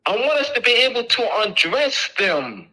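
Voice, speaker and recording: Very animated and speaking at normal speed, a middle-aged man lectures an audience in a high, sharp, forceful voice. He drives each point with emphatic repetition, casual yet insistent, on poor audio.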